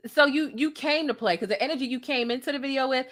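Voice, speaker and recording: A woman's voice: high voice, fast talker, few pauses, a bit bright. A woman hosting a reaction commentary, sassy and incredulous, talking straight to the viewer. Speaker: commentary host.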